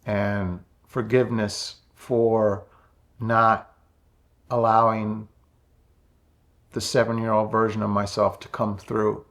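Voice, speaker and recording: A man in his fifties, talking slowly and softly with many pauses in a reflective personal monologue about his spiritual path. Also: on the low side, flat delivery. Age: 50s. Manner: slow, soft-spoken and introspective, with many pauses. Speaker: spiritual vlogger.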